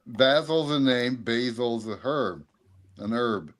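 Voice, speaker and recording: A man from the United States in casual chat, firing off quick jokes. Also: mid-range voice, lively intonation. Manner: joking, quick quips.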